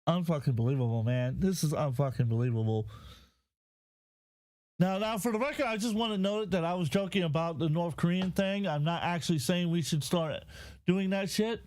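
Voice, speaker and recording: A man hosting a live commentary show, ranting in a profane, heated yet deadpan way. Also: sits high, brisk, no room sound. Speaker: host.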